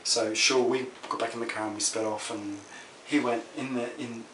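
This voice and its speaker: A man telling a spooky story in a casual way, swinging from loud exclamations to hushed whispers. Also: medium pitch, fairly even intonation, moderate pace. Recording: echoey room, mic far off, noisy.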